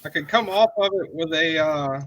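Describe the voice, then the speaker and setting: A man's voice: a little high, normal speed, a bit bright. A laid-back man chatting casually on a livestream over a remote call, laughing easily and reading out chat comments. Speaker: livestream co-host.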